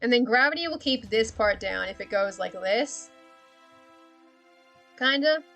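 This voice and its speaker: A woman's voice: on the high side, animated, a little slow, a bit bright, soft background music. A woman chatting casually on a livestream while she draws, rambling, thinking aloud and often giggling. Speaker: streamer.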